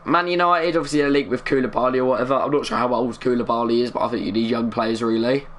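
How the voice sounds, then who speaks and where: A man's voice: medium pitch, quick pace. Young man muttering game commentary. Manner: chatty, muttering, bursts of excitement at big moments. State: keeping his voice down. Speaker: gaming streamer. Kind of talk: live gameplay commentary.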